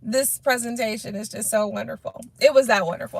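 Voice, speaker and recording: A woman hosting a live tarot stream, reading viewer comments in a casual, animated way, laughing often and swearing freely. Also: on the high side, fairly quick, gravelly, slight background noise.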